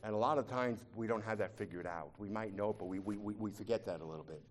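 A man preaching a sermon, shifting from quiet, confiding talk to loud, impassioned pleading, often repeating words as he restarts. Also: lowish voice, fast talker. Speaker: pastor.

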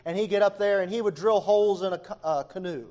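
A man preaching a sermon with fervour, moving between hushed, intimate passages and near-shouts, with many "uh" fillers between phrases. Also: high voice, quick pace. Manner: frequent "uh" fillers.

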